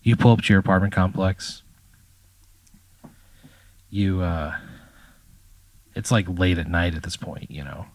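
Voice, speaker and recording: A man's voice: deep voice, a little slow, pauses often, a little mellow. A man narrating a tabletop game as game master, in a casual, profane storytelling manner.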